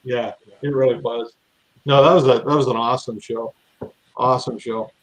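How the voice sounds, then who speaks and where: A man's voice: medium pitch, fairly even intonation, moderate pace, poor audio. A man chatting casually as a guest, rambling and enthusiastic, repeating his phrases. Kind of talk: casual chat.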